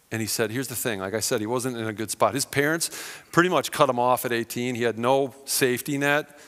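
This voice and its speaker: A middle-aged pastor with a mid-range voice preaches a sermon, recounting a personal story. He acts out the lines of the people in it, swinging widely in loudness.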